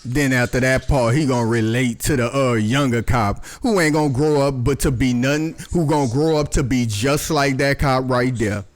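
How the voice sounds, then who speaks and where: A man reviewing a show in casual, animated commentary, swearing constantly. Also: medium pitch, moderate pace, hardly any pauses, a little hiss or hum.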